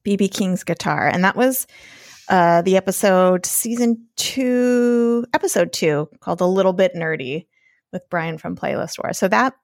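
A woman co-hosting a casual podcast, chatting with a friend and laughing often. Her voice has a gravelly fry, and she swears freely. The sound is dry and close, with no room in it. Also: medium pitch, unhurried, dry recording. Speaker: podcast co-host.

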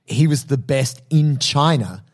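A man's voice: mid-range voice, animated, unhurried. A man co-hosting a podcast, chatting casually and telling film trivia with enthusiasm. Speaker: podcast co-host. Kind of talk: casual chat.

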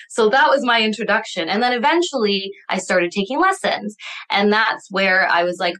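In a mid-range, sharp-toned voice, a woman speaks at a moderate pace with plenty of animation. She's a podcast guest, an accountant and bookkeeping coach, chatting upbeat, laughing a lot, acting out voices in quotes and leaning heavily on "like."

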